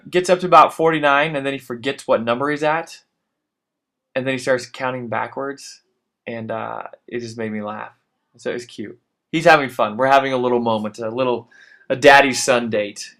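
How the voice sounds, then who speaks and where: A man in his thirties talks through a workout as a fitness instructor. His voice sits at an ordinary middle pitch. He pushes hard with urgent encouragement and often sounds winded after the exercises. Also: fairly even intonation, normal speed, fairly bright tone. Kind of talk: workout coaching voice-over.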